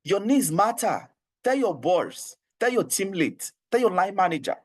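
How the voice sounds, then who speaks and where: A man with a Nigerian English accent runs an online HR training, his voice sitting a little on the high side. He coaxes and repeats himself earnestly. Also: sing-song, normal speed. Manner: earnest, repetitive and coaxing, with frequent laughs.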